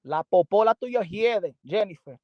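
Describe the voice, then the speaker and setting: Heated high-voiced host. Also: male voice, animated, moderate pace, dry recording, muffled recording. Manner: heated, mocking, switching between English and Spanish. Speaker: boxing channel host. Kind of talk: livestream commentary answering chat.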